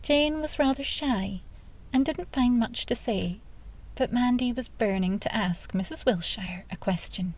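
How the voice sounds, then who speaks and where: A woman narrating a children's audiobook in a gentle, measured way. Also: fairly high pitch. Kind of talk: scripted children's book narration.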